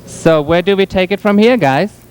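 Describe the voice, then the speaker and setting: A man's voice: high voice, moderate pace, a little mellow, clean tone, rough recording. A man with a German accent, interviewing a band in a rock club, polite and a bit hesitant. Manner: hesitant, polite, laughs off insults. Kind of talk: casual interview.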